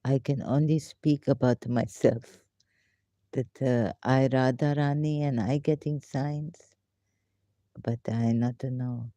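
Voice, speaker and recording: A woman hosting a casual live question-and-answer session, talking in halting, rambling, broken English with frequent fillers, and sometimes talking to herself. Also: a bass voice, fairly even intonation, mellow, no echo. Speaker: live Q&A host.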